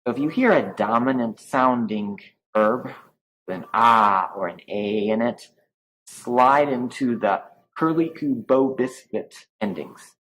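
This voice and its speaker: A man's voice: mid-range voice, fairly bright tone, slight background noise, low-quality recording. Man teaching Latin, drawing out syllables. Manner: drawn-out slow syllables when modelling Latin words; informal and explanatory, with restarts. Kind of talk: recorded slideshow lesson.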